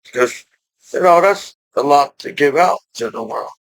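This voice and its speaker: An American man in his forties rambles slowly through a vlog monologue, filling it with "you know" and bursting out loudly now and then. His voice is on the high side, the audio poor but with no echo.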